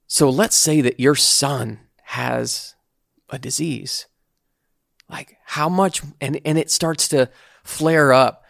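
A man co-hosting a casual podcast, giving earnest, reflective faith advice at a slow, searching pace. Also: mid-range voice, gravelly, a bit bright, no room sound, studio quality. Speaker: podcast co-host.

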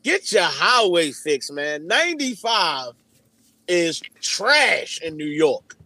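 Bright, lively man cursing and laughing. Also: fairly high pitch, takes it slowly, no room sound, rough recording. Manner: loud, laughing, profane storytelling. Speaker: podcast co-host. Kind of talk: casual chat.

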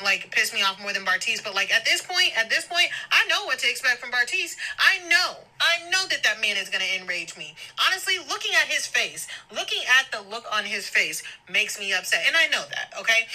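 A woman's voice: fairly high pitch, bright, forceful tone, low-quality recording. A woman recording a heated, profane voice note on her phone while stopped on a road trip. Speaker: podcast guest sending voice notes. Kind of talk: ranting voice note. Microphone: phone voice memo.

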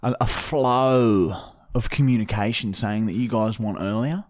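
A man's voice: on the low side, measured pace, dry recording. Swearing Australian guy on a podcast. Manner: excitable, swears freely. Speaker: podcast co-host. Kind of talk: crude casual banter.

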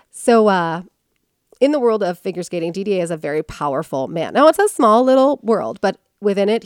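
A woman's voice: medium pitch, no room sound, clean studio sound. A woman hosting a podcast, telling a story in casual chat and acting out quotes in character voices.

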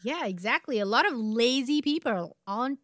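A woman's voice: on the high side, lively intonation, normal speed, fairly bright tone, no room sound, studio quality. A woman in her forties from India, co-hosting a podcast and telling a true crime story in a casual way with wry asides.

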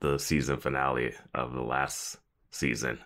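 Male podcast co-host, very deep voice, relaxed and rambling. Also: a little slow. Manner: relaxed, trails off, fillers like "like" and "you know". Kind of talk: casual recap chat.

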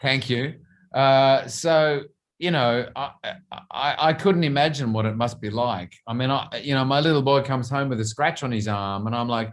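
A middle-aged man with an Australian accent talks through his answers in a relaxed interview. He often repeats a word while he works out what to say next. His voice sits at an ordinary pitch for a man. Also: moderate pace. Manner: thoughtful, repeats words while searching for phrasing. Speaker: actor guest.

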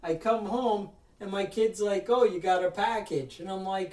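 A man's voice: high-pitched, moderate pace, darkish tone, reverberant, far from the mic. A man hosting a casual podcast, telling a story in a ranting way and acting out other people's lines. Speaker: podcast host.

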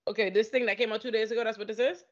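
A woman's voice: on the high side, fairly even intonation, racing, lo-fi sound, over a noisy crowd. A woman on a podcast panel, chatting casually in a blunt, emphatic way.

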